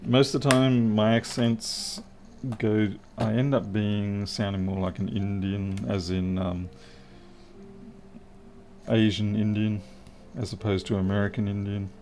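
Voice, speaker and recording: Working on a device during his live repair stream, this man chats wryly with viewers and responds to their comments in a casual way. His voice is on the low side and a little mellow, with a measured pace and little pitch movement. A slight hiss or hum sits in the background.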